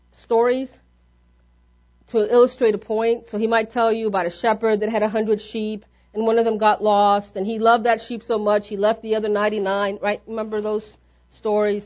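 A woman's voice: mid-range voice, little pitch movement, moderate pace. A woman pastor preaching a sermon in a church, talking to the congregation in an easy, conversational way and often asking them questions. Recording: dull lo-fi sermon recording.

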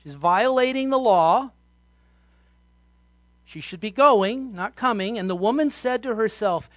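Man preaching an animated sermon. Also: high-pitched, unhurried, long pauses, dry recording. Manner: storytelling, acting out scenes with shouts. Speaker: pastor.

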